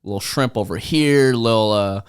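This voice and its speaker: A young man in his twenties hosting a podcast, playful and animated in casual chat. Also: lowish voice, normal speed, clear, resonant tone. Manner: animated, laughs often, playful. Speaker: podcast host.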